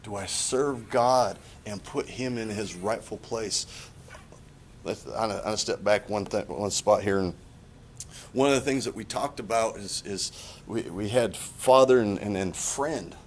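A man with a lowish voice preaches in an earnest, confessional way, stumbling and restarting as he works through his thoughts. A faint low rumble runs under the recording. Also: unhurried. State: choked up. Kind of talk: sermon.

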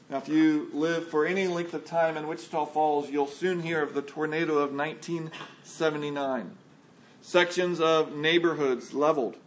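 A man preaching a sermon, measured and deliberate, slowing for emphasis and dropping to a hush on key words. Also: sits high. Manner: measured preaching with slow emphatic phrasing and dramatic drops to a hush. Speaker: pastor.

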